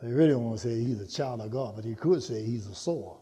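A man preaching a sermon, calling to the congregation for answers and climbing into shouts. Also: mid-range voice, quick pace. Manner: call-and-response preaching, rising to shouts.

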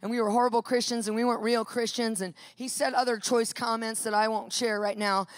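A woman telling a personal story in a sermon, lively and animated, acting out what people said. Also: on the high side, fairly quick, no room sound. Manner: lively, animated storyteller who acts out quotes. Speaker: Christian speaker.

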